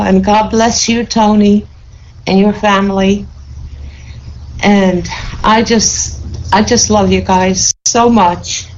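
Tearful, fervent woman giving slow testimony. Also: mid-range voice, steady tone, darkish tone, lo-fi sound, slight background noise. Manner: fervent, repeats words of thanks and blessing. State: tearful with joy. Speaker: participant sharing a testimony. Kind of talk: emotional spiritual testimony.

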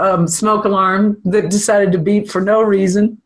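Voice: medium pitch, fairly even intonation, unhurried, few pauses, low-quality recording. Spiritual teacher, informal talk, candid, self-deprecating, laughs a lot, room at home.

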